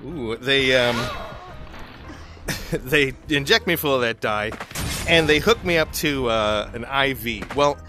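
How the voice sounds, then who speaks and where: A gaming video host tells a long personal story in a casual, chatty way over gameplay, laughing often and restarting his sentences. His medium-pitched voice moves slowly with frequent pauses, and there's background noise.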